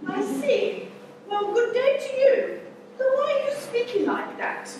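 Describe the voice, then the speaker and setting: A woman's voice: very high-pitched, unhurried, darkish tone, a little hiss or hum. An actress playing a condescending, imperious upper-class lady in an amateur stage comedy. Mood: haughty. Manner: imperious and patronising. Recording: echoey hall, stage mic from far off.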